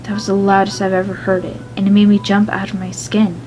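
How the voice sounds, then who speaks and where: A woman's voice: mid-range voice, level tone, quick pace, a little mellow, a little hiss or hum, low-quality recording. A woman reading a fan fiction story aloud in a plain voice, stumbling over the odd word.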